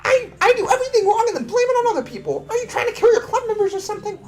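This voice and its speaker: A woman voicing a hot-tempered, prickly schoolgirl, reading a visual novel aloud with shrill, indignant yelling. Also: very animated, rapid-fire. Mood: scolding.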